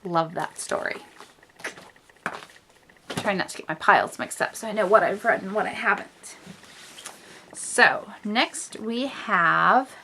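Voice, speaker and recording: A woman reading picture books aloud, with chatty, relaxed asides between stories. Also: medium pitch, slight background noise. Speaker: storybook reader.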